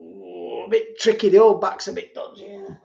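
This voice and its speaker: Middle-aged man, fairly high voice, rambling casual chat, dull lo-fi stream sound. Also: big pitch swings, normal speed, vocal fry, a little mellow. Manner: rambling, repeats himself, chuckles often. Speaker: livestream host. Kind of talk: casual live chat reading viewer comments.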